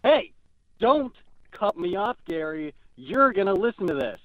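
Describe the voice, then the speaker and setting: Man doing a ranting young caller, frantic and whiny, high lively voice, dry close sound. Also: measured pace, no room sound, narrow, tinny audio. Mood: angry. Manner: frantic, whiny, flustered rants. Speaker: prank caller. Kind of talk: comedic call-in sketch.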